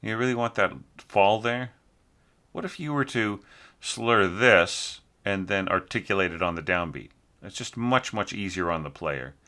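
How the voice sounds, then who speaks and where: With a low voice, lively intonation, and a bright, forceful tone, a man critiques a score informally in an orchestration lesson. He halts, uses plenty of fillers, and sings passages to illustrate.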